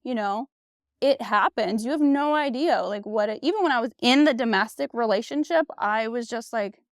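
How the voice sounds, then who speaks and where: A woman's voice: on the high side, moderate pace, dry recording, studio quality. Blunt, candid woman on a podcast. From United States. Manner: candid and blunt, swears freely, frequent "like" and "you know". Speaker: podcast host. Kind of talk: casual solo podcast monologue.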